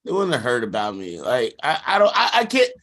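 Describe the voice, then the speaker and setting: A man in loose, casual podcast chat. He rambles through fillers and slang and laughs often, in a voice that is neither high nor low. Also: wildly swooping pitch, a little fast, fairly bright tone. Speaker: podcast co-host.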